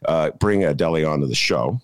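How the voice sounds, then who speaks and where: A man's voice: very deep voice, lively intonation, fairly quick. A man hosting a podcast, chatting in a rambling, jokey way with many filler "uh"s and laughing at his own jokes. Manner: jokey, digressive, full of filler "uh"s. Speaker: podcast host. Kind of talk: rambling comic chat.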